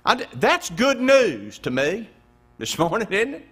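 High, animated preaching pastor. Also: male voice, measured pace, breathy edge. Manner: preaching with wide swings between loud emphasis and hushed low passages. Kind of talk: sermon. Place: church.

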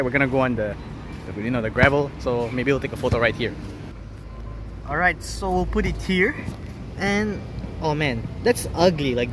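A man's voice: on the high side, noisy background. A man vlogging casually outdoors, thinking aloud with laid-back slang as he sets up photos. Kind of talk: casual narration while shooting photos.

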